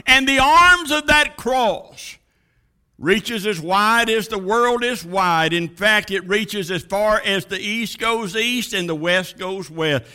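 A man preaching a sermon with a dramatic cadence, rising to booming lines and dropping to a hush. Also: expressive, takes it slowly, smooth.

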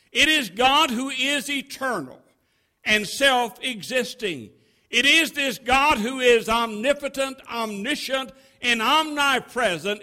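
A male preacher delivers a sermon in a very high, bright voice. He speaks slowly and emphatically, with a measured pulpit cadence that swells into loud, ringing crescendos.

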